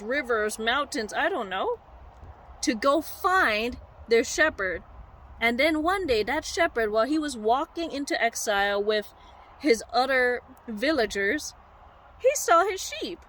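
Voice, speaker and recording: A woman preacher telling a story in a sermon, animated and heartfelt, speaking straight to her listeners. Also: high voice.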